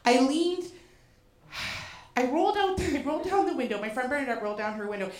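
A woman from Boston telling a comic personal story, animated and profane with self-mocking asides, in a live show venue. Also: high-pitched, fairly quick. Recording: roomy echo.

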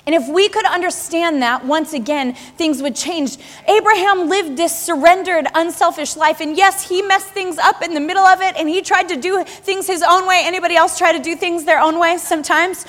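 A woman in her thirties preaching a sermon in a lively, conversational way, full of rhetorical questions and repetition. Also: very high voice, normal speed, few pauses. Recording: long reverb of a large hall.

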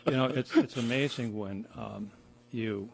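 Guy hosting a chat, creaky voice, kinda halting, laughing all the time, light hiss behind. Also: medium pitch, a little mellow. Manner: playful, laughs a lot, talks in halting phrases. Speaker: host. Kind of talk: casual conversation.

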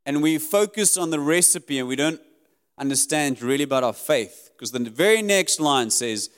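A man preaching a sermon in an earnest, emphatic way, his voice rising high and dropping low as he drives his points home. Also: lively intonation, moderate pace, a bit bright, clean tone. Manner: earnest, emphatic preaching that rises and drops sharply. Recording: long hall reverb.

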